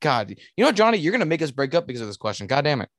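A man's voice: a little high, big pitch swings, very fast, no echo, clean studio sound. A young man co-hosting a casual podcast, blunt and heavy on profanity. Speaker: podcast co-host. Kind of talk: casual chat.

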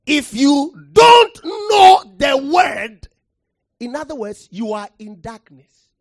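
Impassioned high-voiced preacher. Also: very animated, slow, dry recording, studio quality. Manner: impassioned, shouting for emphasis with sudden drops to quiet; calls for audience response. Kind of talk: sermon.

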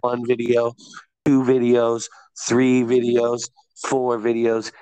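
A man's voice: medium pitch, completely flat delivery, slow, warm tone, clean tone, no echo, low-quality recording. A man in casual chat who swears and laughs hard while backing up his friend's story. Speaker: podcast co-host.

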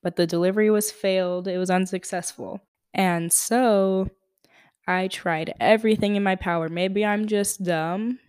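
A woman's voice: medium pitch, fairly even intonation, measured pace, darkish tone, clean tone, no echo, studio quality. A young woman hosting a podcast, telling a story in a chatty, exasperated way with lots of fillers. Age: young adult. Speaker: podcast host. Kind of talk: casual storytelling monologue.

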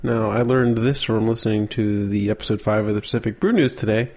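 A man co-hosting a casual beer tasting podcast, relaxed and explaining beer facts as he thinks aloud. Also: on the low side, brisk. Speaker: podcast co-host.

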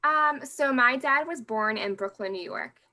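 A woman's voice: high-pitched, measured pace, bright, forceful tone. A woman guest on a podcast telling candid, emotional memories of her late father, often laughing through hard moments. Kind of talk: personal storytelling in podcast interview.

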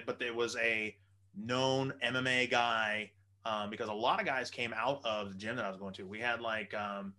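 Animated, bright-voiced man telling a story. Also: medium pitch. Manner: animated, swears freely. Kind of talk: casual storytelling.

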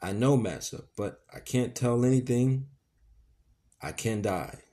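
Man doing a calm, firm old enslaved man. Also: mid-range voice, voice pushed up, natural voice. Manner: slow, firm, deliberate.

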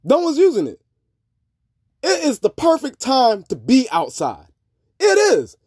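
A man hosting a podcast, talking in a rambling, profane monologue that swings between low mutters and loud outbursts. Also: wildly swooping pitch, a little slow, slightly rough, no echo, studio quality. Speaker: podcast host. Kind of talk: casual monologue.

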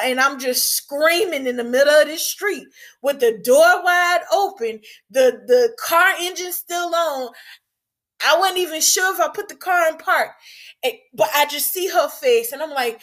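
A woman tells a personal story at an unhurried, lingering pace. Her voice sits a little high for a woman. She talks candidly, drops into hushed pauses and breaks into raised outbursts. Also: expressive.

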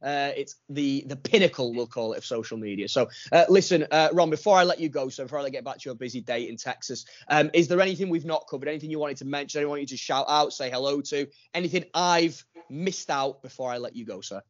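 A man's voice: medium pitch, fast talker, few pauses, no room sound. Man, podcast host, chatty, teasing, dry close sound, dull audio. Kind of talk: casual podcast chat.

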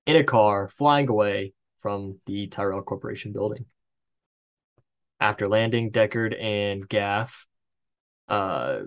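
A man hosting a podcast, recapping a film plot from his notes in a casual, chatty way, with swearing and joking asides. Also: on the low side. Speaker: podcast host. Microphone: headset.

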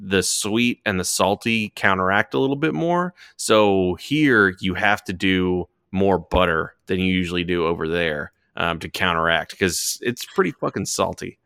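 A man's voice: sits low, normal speed, creaky, hardly any pauses, fairly bright tone, clear, resonant tone, no echo, studio quality. A man in his thirties, raised partly in Australia, chatting casually on a podcast, laid-back and often swearing. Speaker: podcast host. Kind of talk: casual chat.

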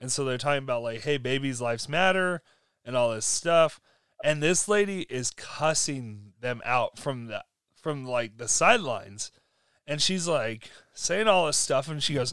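A man telling stories in casual conversation, animated and laughing often. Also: a little high, a little slow, clean tone, no echo.

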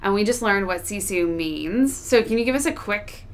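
A woman's voice: medium pitch, expressive, moderate pace. A young woman co-hosting a casual podcast, bubbly and enthusiastic as she introduces a guest. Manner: bubbly, enthusiastic, laughs often. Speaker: podcast co-host.

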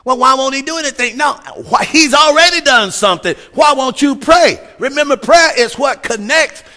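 A man preaching a fervent sermon, shouting his points and calling out hallelujahs. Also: very high voice, expressive, moderate pace.

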